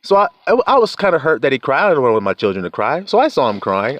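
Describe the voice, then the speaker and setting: A man's voice: medium pitch, sing-song, quick pace, no room sound, dull audio. A young man, giving life advice in a casual, preachy monologue, laughing often, swearing, and acting out quotes.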